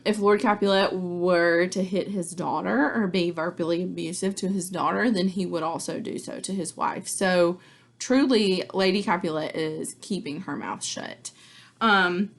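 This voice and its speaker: A woman's voice: mid-range voice, fairly bright tone. A woman teacher giving a casual, chatty recap of a play to her class, full of likes and ums. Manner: chatty, filler-heavy, informal.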